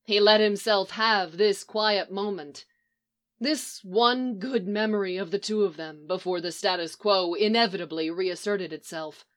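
A woman reads a story aloud in calm, measured narration. Her pitch sits in the middle of the usual range for a woman, and she keeps an even pace through long descriptive passages. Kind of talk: audiobook narration of fan fiction.

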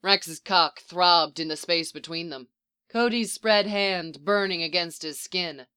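A narrator reading a story aloud in an even, measured way. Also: mid-range voice, clear, resonant tone. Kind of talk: audiobook reading of fan fiction.

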